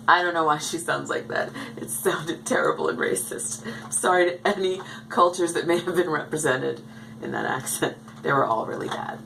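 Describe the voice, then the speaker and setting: A woman's voice: on the low side, lively intonation, normal speed, vocal fry, a bit bright, slight background noise, rough recording. A woman chatting casually to the camera in a rambling way as she shows her dolls at home. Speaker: doll collector vlogger. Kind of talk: casual chat. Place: home, indoors.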